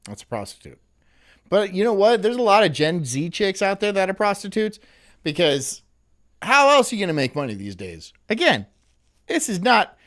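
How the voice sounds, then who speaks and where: A male stream host in casual, rambling commentary, his pitch bouncing freely up and down. He sounds sarcastic and breaks into laughter easily as he reacts to a clip. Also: a bit bright.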